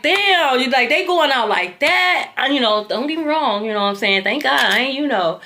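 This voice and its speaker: An animated woman tells a dream story straight to her viewers, loose and informal, with casual swearing. Her voice sits somewhat high and sounds bright and forceful. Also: moderate pace, hardly any pauses. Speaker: tarot reader recounting a dream.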